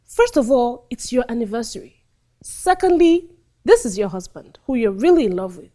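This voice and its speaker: A woman acting coach talking through a scene, acting out lines and dropping to hushed tones. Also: fairly high pitch, moderate pace. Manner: animated, acts out scenes, drops to hushed tones. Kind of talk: teaching monologue with acted examples.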